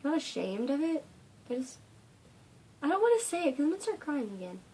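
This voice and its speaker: A woman's voice: sits high, very animated, fairly quick, dark tone. A teenage girl hosting a casual fandom Q&A vlog from home, gushing with dramatic asides. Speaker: fandom channel host. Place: home room.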